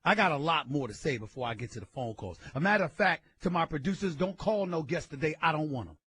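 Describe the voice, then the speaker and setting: A male sports radio host giving an emphatic, loud, opinionated rant and hammering his points home. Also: fairly high pitch, lively intonation, fast, a little hiss or hum. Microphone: studio microphone.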